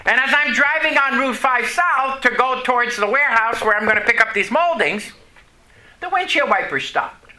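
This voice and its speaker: A man's voice: very high voice, expressive, moderate pace, sharp tone. A man preaching a testimony to a congregation, telling a story and asking the audience questions. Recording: echoey room, faint noise.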